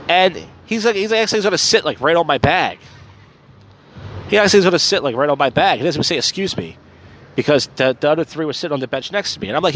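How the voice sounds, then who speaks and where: A man's voice: medium pitch, fairly bright tone, a little hiss or hum. A drunk man rambling crudely through a self-deprecating podcast monologue outdoors on a city street at night. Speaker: podcast host. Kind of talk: casual rambling podcast monologue, live streamed.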